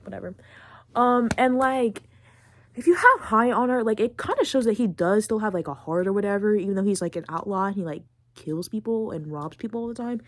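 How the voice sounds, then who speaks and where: A young woman in her late teens hosting a podcast, rambling and excitable with lots of fillers. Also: mid-range voice, a little fast. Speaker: podcast host. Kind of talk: casual chat recapping a video game.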